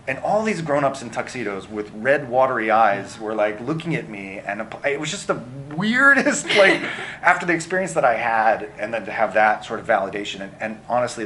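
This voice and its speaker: Middle-aged male director, bright tone, animated, rambling interview answers, faint background hum. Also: lowish voice. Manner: animated, many fillers and restarts. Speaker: film director.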